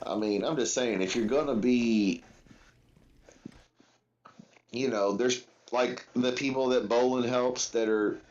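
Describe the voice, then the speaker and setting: A man's voice: mid-range voice, fairly even intonation, slow, long pauses, a little mellow, muffled recording. Rambling, foul-mouthed male stream host. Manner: rambling and profane, with frequent fillers. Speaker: livestream host. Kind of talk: casual watch-along chat.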